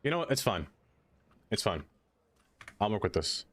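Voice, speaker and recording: A man streaming a game, chatting casually, talking to what he builds and answering chat, quick to exclaim in dismay when things go wrong. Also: lowish voice, big pitch swings. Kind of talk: casual live-stream chatter while playing.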